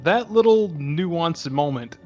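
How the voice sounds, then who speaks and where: Animated man, slightly high, swearing freely. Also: slow pace, highs cut off, soft background music. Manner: animated, profane storytelling. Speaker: podcast co-host. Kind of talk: casual chat.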